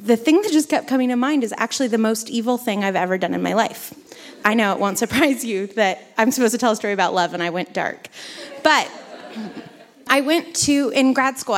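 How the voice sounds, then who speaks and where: A woman co-hosting a podcast, telling a self-mocking anecdote live on stage with lots of fillers and asides. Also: medium pitch. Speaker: podcast co-host. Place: theater stage before a live audience.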